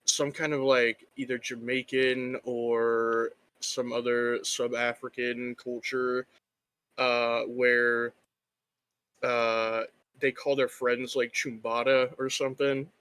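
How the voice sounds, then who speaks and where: A man's voice: medium pitch, little pitch movement, slow pace, fairly bright tone, clean tone. A young man who runs tabletop games, chatting casually with lots of fillers and enthusiasm. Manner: rambling, filler-heavy, enthusiastic. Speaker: game master, podcast guest. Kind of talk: casual chat.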